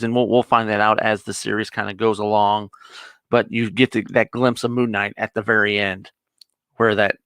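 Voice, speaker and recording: A man's voice: lowish voice, fairly bright tone, no room sound. A man co-hosting a casual review chat, eagerly retelling a TV episode in a rambling way. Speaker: co-host of a nerd review show.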